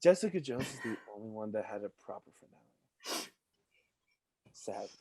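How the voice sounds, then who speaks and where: A man on a podcast, ranting heatedly and swearing, with shouted outbursts. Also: on the low side, expressive, moderate pace, husky, dry recording. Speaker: podcast guest. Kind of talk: casual ranting chat.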